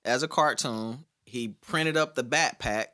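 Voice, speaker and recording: A man's voice: medium pitch, measured pace, pushed and bright, dry recording, studio quality. A man speaking as a guest on a casual talk show, laid-back and slangy, trailing off at the ends of phrases. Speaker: guest artist.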